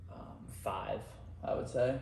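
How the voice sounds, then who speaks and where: A man's voice: lowish voice, takes it slowly, creaky, darkish tone, slight background noise. Laid-back young man, roomy echo. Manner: rambling, laid-back, self-deprecating. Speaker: co-host. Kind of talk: casual chat.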